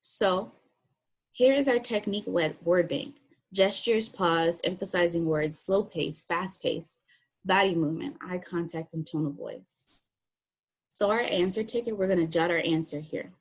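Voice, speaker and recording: Husky-voiced woman teacher giving instructions. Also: fairly low pitch, measured pace. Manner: step-by-step instructive, plain and practical. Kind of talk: recorded classroom lesson walkthrough.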